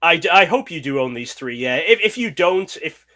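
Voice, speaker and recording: Co-hosting a casual podcast chat, a man from Northeast England with a mild local accent explains things patiently and easily. His voice sits on the high side, sing-song, pushed and bright, at a normal speed.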